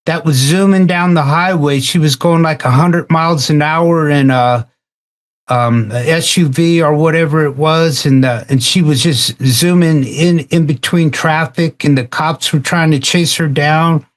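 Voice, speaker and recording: A man in a casual roundtable discussion, telling a story in a halting way and often repeating words. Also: on the high side. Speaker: roundtable participant.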